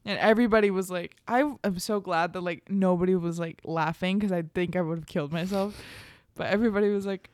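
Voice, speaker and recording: A woman's voice: lowish voice, brisk, hardly any pauses, a little mellow. A young woman co-hosting a podcast, chatting casually and telling stories, with some swearing and bits of Spanish. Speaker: podcast co-host. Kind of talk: casual chat.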